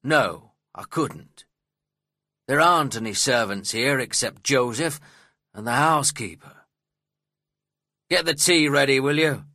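A man voicing a gruff, scornful older male landowner in a storybook reading, speaking slowly, coldly and fiercely. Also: medium pitch, animated, pushed and bright, dry recording, clean studio sound, exaggerated voice. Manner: slow, fierce, cold.

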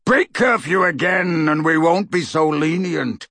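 A man reading an audiobook voices hostile, suspicious male dark-wizard guards who speak curtly and threateningly. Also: a little high, lively intonation, a little slow, no echo, pitched above the performer's own voice, exaggerated voice. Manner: curt and threatening.

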